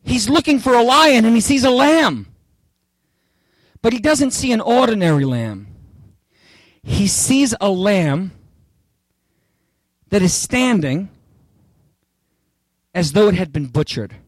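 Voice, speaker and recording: Slowly and with long pauses, a man with a high-sitting voice works through the verses in an expository sermon. He is animated and theatrical, cracking jokes with the congregation, and there's no echo.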